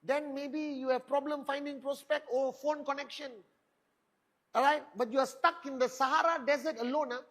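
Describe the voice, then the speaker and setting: A man's voice: very high voice, fairly even intonation, normal speed, a bit bright. A middle-aged man giving a motivational stage talk, firing rhetorical questions and boasting. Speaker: motivational speaker at a network marketing event.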